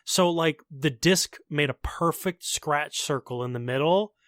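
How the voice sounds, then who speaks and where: Young guy rambling on a podcast, bit high voice, dry close sound. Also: measured pace, fairly bright tone, no room sound. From Long Island, New York. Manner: laid-back, rambling, lots of "like". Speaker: podcast co-host. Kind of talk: casual chat.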